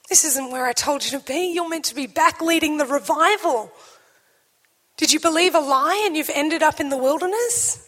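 A woman preaching a sermon to a church, swinging between loud declarations and hushed, slow lines. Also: sits high, long reverb tail.

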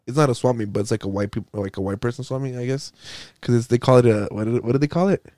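A man's voice: mid-range voice, fast talker, mellow, no echo, studio quality. A young man co-hosting a podcast, chatting casually, teasing and laughing a lot with some swearing. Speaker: podcast co-host. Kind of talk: casual chat.

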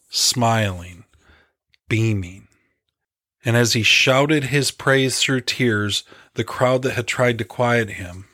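Slow, low-voiced male preacher. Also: fairly bright tone, no room sound, studio quality. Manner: earnest, reflective, measured. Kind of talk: devotional story narration.

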